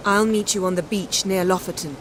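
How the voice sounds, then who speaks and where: An actress voicing a proud, commanding sorceress in poised video game dialogue. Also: female voice, lowish voice, fairly even intonation, fairly quick, noisy background, natural voice. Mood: cool. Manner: poised, imperious.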